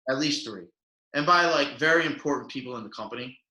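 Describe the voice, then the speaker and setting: In an echoey room, a young man co-hosting a casual podcast spins meandering tales at a fast clip. His voice is medium in pitch, and he peppers his talk with fillers and lively, acted-out quotes.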